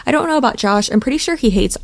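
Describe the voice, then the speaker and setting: A woman's voice: on the high side, expressive, very fast. A young woman co-hosting a podcast, chatting casually and telling rambling, giggly stories full of fillers. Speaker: podcast co-host. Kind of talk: casual chat.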